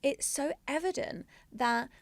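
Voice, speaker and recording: A woman's voice: high voice, a little slow. A woman co-hosting a podcast, earnest and reflective, thinking aloud. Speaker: podcast co-host, business owner. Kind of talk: casual conversational interview.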